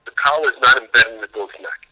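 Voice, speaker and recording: A man's voice: medium pitch, fast, pushed and bright, poor audio. A man being interviewed as an animal rescue worker, telling stories emphatically and acting out both sides of conversations. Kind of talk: interview, storytelling.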